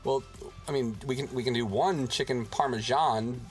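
A man co-hosting a casual chat show, animated and swearing freely, laughing often and mimicking regional accents. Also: medium pitch, moderate pace, soft background music. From Virginia. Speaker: podcast co-host.

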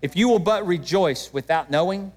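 A middle-aged man preaching a sermon to his church, emotional, swinging between loud emphatic peaks and hushed moments. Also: high voice, animated, moderate pace. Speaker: pastor.

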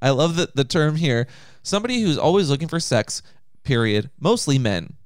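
A man's voice: on the high side, very animated, moderate pace, no room sound, clean studio sound. A man co-hosting a podcast in casual chat, playful and teasing. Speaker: podcast co-host.

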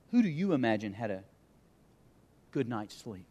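A man preaching a sermon and reading scripture aloud, pausing for emphasis and letting his voice dip and swell. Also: medium pitch, sing-song, warm tone, husky, big-room sound. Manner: reads scripture aloud, pauses for emphasis, dramatic dips and swells. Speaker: pastor.

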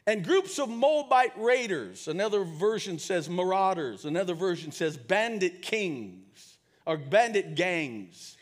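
A man preaching a sermon, leading the congregation in call and response and rising to shouts as he tells a story. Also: sits high, expressive, a little slow. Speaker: pastor.

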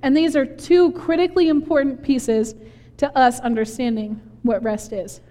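High-voiced woman preaching in a reverberant hall. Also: normal speed. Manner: animated storytelling, acting out quoted voices with laughs. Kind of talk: sermon.

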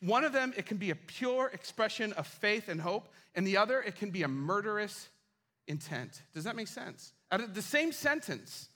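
Animated high-voiced male pastor. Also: moderate pace. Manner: animated, casual, humorous storytelling. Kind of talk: sermon. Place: church.

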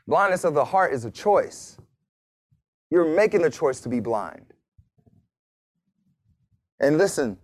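A man preaching a sermon in a relaxed, conversational manner, mixing scripture readings with jokes and little acted asides. His voice sits at an ordinary middle pitch. The sound is dry and close, with little room in it. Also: no room sound. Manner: casual, joking preaching with laughs and acted asides. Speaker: pastor.

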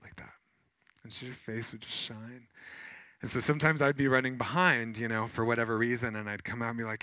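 A man, a pastor, preaching a sermon in a conversational, animated way with many fillers as he tells personal stories. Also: mid-range voice, quick pace, dry recording.

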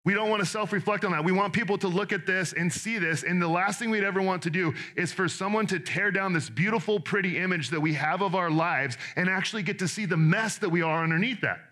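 Earnest preaching man, bright voice. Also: high-pitched. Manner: earnest, direct, conversational preaching with quick asides. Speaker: pastor. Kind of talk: sermon.

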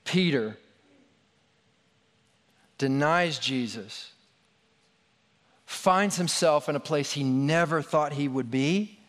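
A man's voice: on the high side, takes it slowly, long pauses, a bit bright. A man preaching a sermon in a conversational, storytelling way with casual asides, in a large hall. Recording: long hall reverb.

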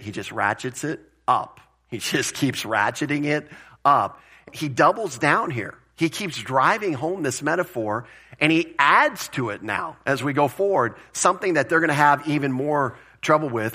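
Bright-voiced pastor preaching casually. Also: male voice, mid-range voice. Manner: animated, plain-spoken with joking asides. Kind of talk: conversational sermon.

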